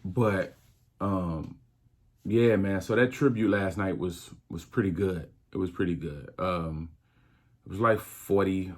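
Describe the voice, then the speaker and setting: A man hosting his own podcast, talking reflectively in a casual style, with many restarts. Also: sits low. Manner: slow, reflective, drawn-out phrasing with many restarts. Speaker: podcast host. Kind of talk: casual solo podcast talk.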